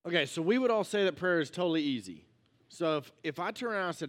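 A man's voice: a little high, big pitch swings, fast talker, fairly bright tone. Joking young man preaching in church. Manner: joking, conversational, acts out quotes. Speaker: pastor. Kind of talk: casual sermon.

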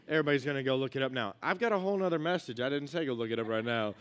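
A young man gives a relaxed, joking sermon to a church crowd. His voice sits a bit higher than most men's. He chats like he's with friends and slips into quick acted-out quotes. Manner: joking, conversational, acts out quotes. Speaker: pastor. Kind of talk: casual sermon.

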